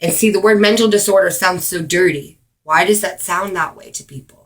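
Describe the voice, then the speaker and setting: A woman talking straight to camera in an earnest personal video, with many ums and pauses for emphasis. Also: on the low side. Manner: earnest, frequent ums, speeds up and slows down for emphasis. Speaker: vlogger. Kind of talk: earnest direct-to-camera awareness talk.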